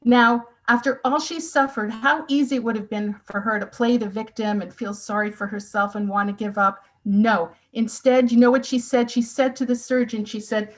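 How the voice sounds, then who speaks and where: A woman's voice: on the high side, steady tone, normal speed, few pauses, rough recording. A woman in her sixties gives a personal testimony talk, telling her family's story with earnest, emotional emphasis. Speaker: speaker.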